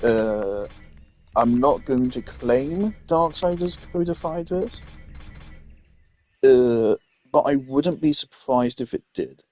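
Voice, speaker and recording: A man's voice: medium pitch, animated, takes it slowly, long pauses, darkish tone. A young man playing a game and chatting casually as he goes, opinionated and a bit tired, his voice often trailing off into mumbles. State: tired, yawning. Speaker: gaming streamer. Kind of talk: casual let's-play commentary.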